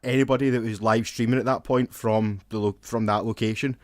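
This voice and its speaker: A man's voice: lowish voice, fairly even intonation, a little fast, no echo. A man co-hosting a podcast, telling sweary stories in casual chat. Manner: sweary storyteller who laughs at his own stories. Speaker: podcast co-host.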